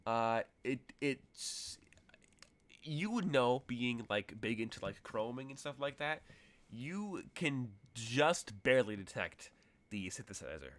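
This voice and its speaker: A man's voice: medium pitch, expressive, slow pace, fairly bright tone. A man narrating as game master in a tabletop role-playing game, rambling through vivid, detailed scene descriptions.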